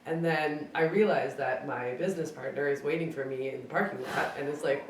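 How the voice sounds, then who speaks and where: Casual storyteller, mid pitch, heard from across a roomy space. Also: fairly quick, recorded from a distance, a little hiss or hum. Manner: chatty, acts out quoted dialogue, many fillers of "like". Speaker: speaker sharing a memory at a gathering. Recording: roomy sound from away from the mic.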